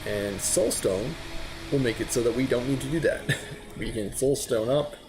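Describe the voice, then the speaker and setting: Guy streaming a game, chill chatty commentary, kinda gravelly, music going in the background. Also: mid-range voice, normal speed, low-quality recording. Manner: easygoing, chatty, thinking aloud. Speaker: let's play streamer. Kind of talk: casual gameplay commentary. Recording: game music playing behind the voice.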